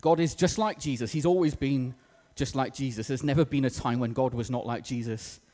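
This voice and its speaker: Man, pastor; easygoing, self-mocking sermon delivery; mid-pitched, reverberant church hall. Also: fairly quick, warm tone. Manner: casual, self-deprecating, with fillers. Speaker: preacher.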